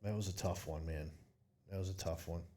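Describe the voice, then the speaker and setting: A young man on a podcast tells a long, messy story, swearing often and laughing at his own lines. His voice sits fairly low. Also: steady tone, fairly quick, dark tone, distant mic, slight background noise. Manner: rambling, profane, laughs through his story. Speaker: podcast co-host. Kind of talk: casual storytelling chat.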